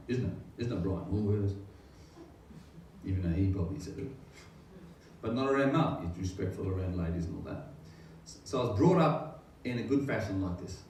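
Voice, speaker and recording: A middle-aged pastor tells his testimony in an earnest, wandering way, often stopping to pose rhetorical questions. His voice sits low and mellow. It is picked up from a distance in a very echoey room with a faint hiss behind it. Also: animated, fairly quick, long pauses. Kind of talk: personal faith testimony.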